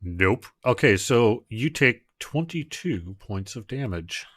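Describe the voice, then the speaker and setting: A man narrating as game master of an online tabletop game, in a relaxed, halting way. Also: mid-range voice, no room sound. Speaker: dungeon master.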